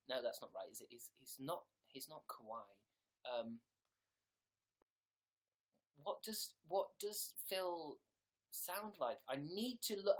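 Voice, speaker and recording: A man's voice: fairly high pitch, lively intonation, slow, pauses often. A young man hosting a casual livestream from a room at home, joking and rambling, reading comments and dropping into whispered asides. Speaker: livestream host. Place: room in a house.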